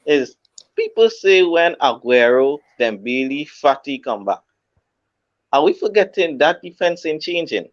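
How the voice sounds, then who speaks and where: A man's voice: fairly high pitch, big pitch swings, a little slow. A man giving blunt, slangy football opinions in a casual chat, often restarting his sentences. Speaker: co-host. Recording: slightly dull audio.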